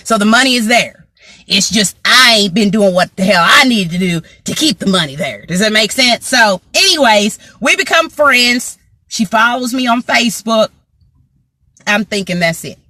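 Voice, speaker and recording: A woman with a bright, fairly high voice, telling a story to her viewers in an animated, slangy way. She talks straight to the camera, and the sound is close and dry. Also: moderate pace, dry recording. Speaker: vlogger.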